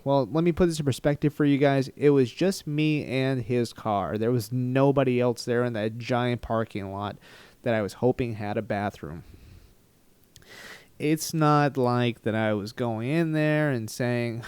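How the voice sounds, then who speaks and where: A man from Texas rambles through a travel story with self-mocking humor. His voice is smooth and clear at a middle pitch, recorded close and dry with no room sound. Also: measured pace, darkish tone, no echo. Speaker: vlogger. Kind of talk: casual storytelling to camera.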